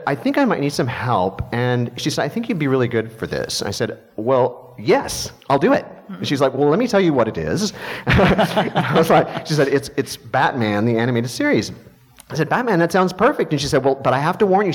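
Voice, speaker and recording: A man's voice: mid-range voice, very animated, normal speed, husky, big-room sound. A middle-aged male composer telling a story at a panel talk, acting out the voices he quotes.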